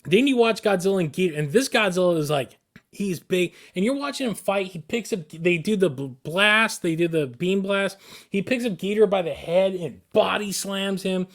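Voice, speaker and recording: Excited man on a podcast, slightly high voice. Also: moderate pace. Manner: excited, rambling recounting with frequent restarts. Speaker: podcast co-host. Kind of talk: casual podcast storytelling.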